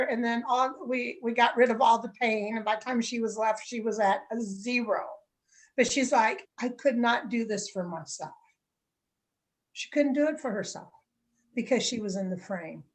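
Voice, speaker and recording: A woman's voice: on the high side, a little mellow, poor audio. A woman coach, a guest in an interview, earnestly telling the story of a client session.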